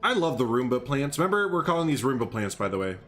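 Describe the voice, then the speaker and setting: A man's voice: medium pitch, very animated, quick pace, a bit bright, faint music behind. A young man chatting casually on a live stream while he builds in a game, rambling, humming and greeting viewers by name.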